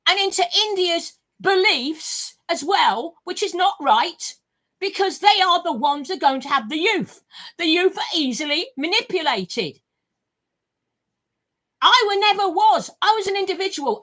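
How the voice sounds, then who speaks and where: An older woman talks straight to camera, her voice pitched high and swooping all over the place. She rambles on with force, swears freely and circles back over her own words. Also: pushed and bright. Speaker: vlogger.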